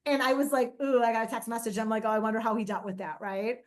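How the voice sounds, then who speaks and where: A high-pitched woman chatting as an interview guest. She tells animated stories, often laughs and acts out the lines of people she quotes. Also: fast talker. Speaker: guest, mother of an autistic son. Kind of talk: casual interview chat.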